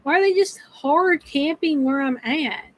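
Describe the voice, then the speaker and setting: A woman's voice: sits high, measured pace, poor audio. A woman streaming a video game, talking to her chat in a frustrated, swearing manner. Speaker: gaming streamer. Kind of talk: casual gameplay commentary.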